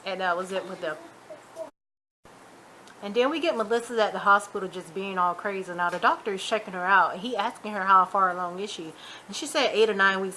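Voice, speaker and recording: Woman, casual TV recap host, chatty, animated, bright voice, faint background noise. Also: medium pitch. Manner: chatty and animated, retelling scenes with quick asides.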